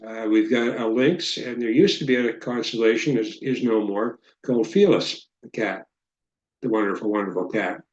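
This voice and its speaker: A man's voice: lowish voice, moderate pace. Male guest presenter, jokey rambling storyteller, dull echoey video-call sound. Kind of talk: casual slideshow talk.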